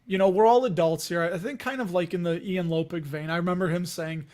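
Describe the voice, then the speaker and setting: A man's voice: high voice, a little fast, darkish tone. A man with a Chicago accent hosting a casual livestream, rambling and chatty, laughing often as he talks to viewers. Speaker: investing livestream host.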